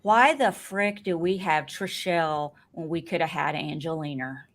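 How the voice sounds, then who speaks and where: A woman's voice: deep voice, normal speed. A woman co-hosting a casual reality TV podcast, blunt and opinionated. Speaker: podcast co-host. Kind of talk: casual chat.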